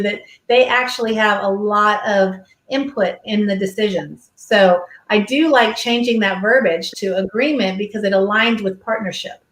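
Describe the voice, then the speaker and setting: Woman host in an echoey room. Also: a little high. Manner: affirming, conversational. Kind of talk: casual interview chat.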